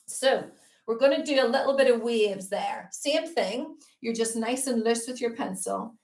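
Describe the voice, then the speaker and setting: A woman's voice: on the high side, animated, normal speed, a little mellow. Woman art teacher, live-stream lesson, chatty and upbeat, roomy echo. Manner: chatty, upbeat, greets viewers while explaining.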